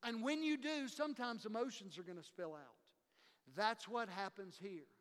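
His voice pitched very high for a man, a pastor delivers an impassioned sermon, voicing the people he quotes as he goes. The fairly bright tone and moderate pace carry through a long church hall full of reverberation.

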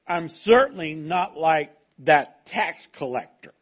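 A man voicing a smug, self-righteous male Pharisee who boasts loudly in prayer, in a dull, muffled recording. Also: a little high, expressive, slow pace, breathy edge, exaggerated voice. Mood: boastful. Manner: loud, boastful, self-satisfied.

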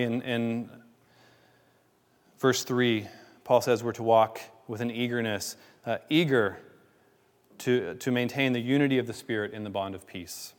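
A man preaching a sermon as pastor, earnest and pleading, often restarting and repeating words. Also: on the low side. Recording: long hall reverb.

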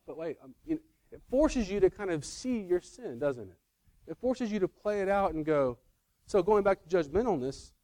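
Pastor, male, higher-pitched voice, conversational emphatic sermon delivery, dry close recording. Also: expressive, moderate pace, mellow, no echo. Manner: conversational, self-correcting, emphatic.

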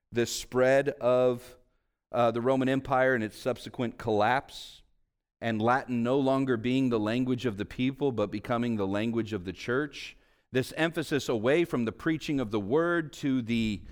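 A male pastor preaches a sermon, telling stories as he goes, with animated swings in pitch and volume.

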